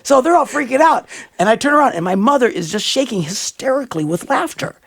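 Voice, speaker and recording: A man hosting a radio talk show, telling animated stories in a casual chat. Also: fast talker, vocal fry, husky. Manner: animated storyteller, jumps into high excited voices. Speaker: radio host.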